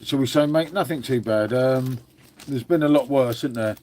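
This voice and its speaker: A man's voice: medium pitch, moderate pace, a little mellow, a little hiss or hum. A man from England hosting a casual live stream from home, rambling and calling viewers "mate". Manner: rambling, repeats "mate" and "shall we say". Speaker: livestream host. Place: at home indoors.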